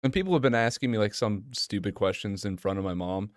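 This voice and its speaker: A man's voice: lowish voice, quick pace, no room sound, studio quality. A man co-hosting a casual podcast, talking bluntly and swearing freely. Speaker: podcast co-host. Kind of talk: casual chat.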